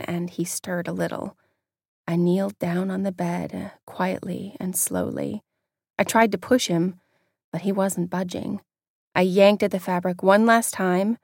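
A woman with a lowish, gravelly voice reads a first-person audiobook. Her delivery is candid and wry, and the recording is close and dry with no room sound. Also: no echo. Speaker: audiobook narrator.

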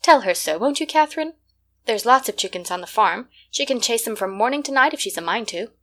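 A woman reads the part of a stout older farm woman, loud and effusive, her voice pitched high and pushed out in gushes. The speech is rustic and ungrammatical, as in a storybook read aloud. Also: animated, fairly quick. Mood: coaxing. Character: fat, gushing, loud older countrywoman.

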